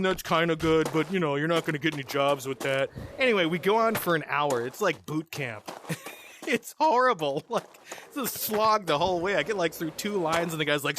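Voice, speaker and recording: A man's voice: fairly high pitch, normal speed. A man hosting a gaming channel, telling a story casually while he plays, laughing often and tossing in sarcastic asides. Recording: steady background noise with clicks.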